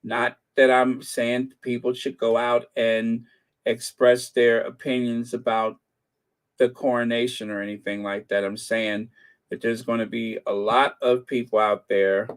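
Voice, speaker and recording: A man's voice: mid-range voice, flat delivery, measured pace, clean tone. An older man hosting a casual livestream, rambling with jokey asides. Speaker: channel host.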